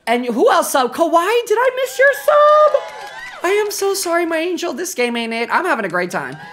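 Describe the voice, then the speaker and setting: A woman streaming a game live, reacting loudly and dramatically with shrieks and swearing while chatting with viewers and thanking subscribers. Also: high-pitched, big pitch swings, a little fast, some chatter behind, a little hiss or hum.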